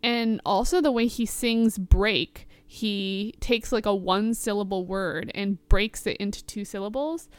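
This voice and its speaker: A woman's voice: mid-range voice, measured pace, few pauses, smooth, no room sound. A woman hosting a podcast, chatting casually about song lyrics and filling her talk with "like". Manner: chatty, many "like" fillers. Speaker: podcast host.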